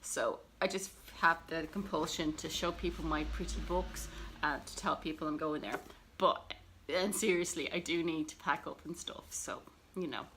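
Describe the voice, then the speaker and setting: A woman's voice: deep voice, moderate pace, a bit bright, slight background noise. A woman talking casually to camera about her books, rambling and self-deprecating with plenty of fillers. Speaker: book vlogger.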